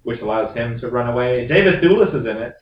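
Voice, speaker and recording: A man's voice: medium pitch, expressive, fast talker, lo-fi sound. Joking man, heard from across the room. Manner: joking, teasing, swears freely. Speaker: podcast co-host. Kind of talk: casual chat. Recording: roomy sound from a distant mic.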